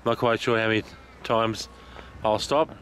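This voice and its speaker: A man vlogging outdoors while walking, out of breath, excited and chatty, laughing often. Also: on the low side, measured pace, a little hiss or hum. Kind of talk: casual vlog while walking. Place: outdoors in a park.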